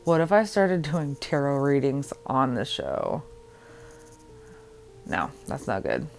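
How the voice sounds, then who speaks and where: Slow, rambling young woman podcaster. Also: very deep voice, huge pitch swings, vocal fry, darkish tone, a little hiss or hum. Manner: rambling, giggly and self-deprecating. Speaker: podcast host. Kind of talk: casual solo podcast chat. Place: home.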